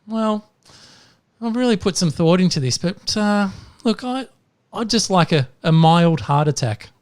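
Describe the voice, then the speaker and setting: A man voicing a vain, scheming woman in a told joke, in a high put-on voice. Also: animated, a little slow, a little hiss or hum. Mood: sly.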